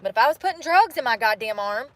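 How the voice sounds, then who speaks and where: It's raining outside the parked car where a young woman, a vlogger who lives in it, unloads her frustration on camera with plenty of swearing. Her voice is a little high and expressive, and she speaks quickly.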